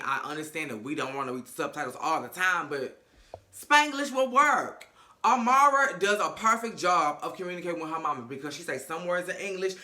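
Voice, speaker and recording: A man's voice: a little high, sharp tone. A man recapping reality TV in casual commentary, sassy, gossipy and full of cursing. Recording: echoey room.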